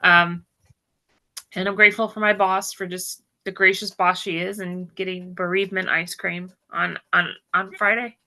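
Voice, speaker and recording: A woman's voice: lowish voice, little pitch movement, moderate pace, sharp tone, poor audio. A woman co-hosting a casual chat podcast, candid and chatty, laughing easily. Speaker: podcast co-host.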